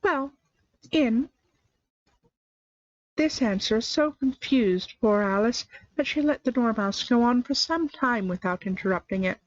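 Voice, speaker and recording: Expressive woman reading a storybook aloud. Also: a little high, moderate pace, few pauses, dry recording. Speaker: storybook reader. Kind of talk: scripted narration, live reading. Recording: dry, slightly muffled lo-fi sound.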